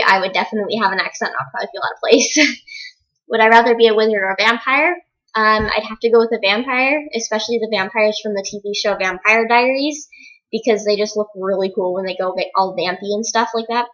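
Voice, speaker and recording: A woman from Washington State doing a casual accent-challenge video, reading word lists and answering questions unhurriedly with many "um" pauses. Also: a little high, fairly bright tone, highs cut off. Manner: plain, unhurried, with frequent "um" pauses. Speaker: vlogger.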